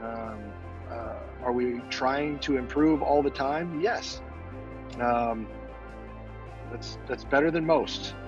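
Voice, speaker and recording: A man's voice: medium pitch, takes it slowly, long pauses, dull audio, over music. A man, a military veteran, answering interview questions casually with many fillers and restarts.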